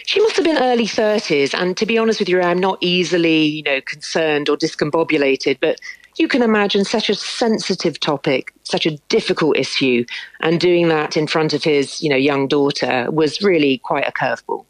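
A woman, a former news producer, telling her story as a radio guest, brisk and candid. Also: sits low, no room sound, low-quality recording. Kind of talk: radio interview.

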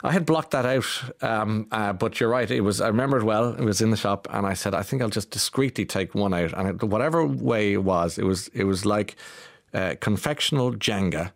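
A man's voice: lowish voice, a little fast, creaky. A man with an Irish accent hosting a morning radio show, rambling and self-mocking as he tells stories and reads texts. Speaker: radio host. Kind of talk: chatty morning radio talk.

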